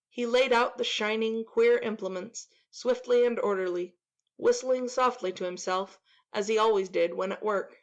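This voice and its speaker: Expressive woman narrating a classic story. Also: medium pitch. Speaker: audiobook narrator.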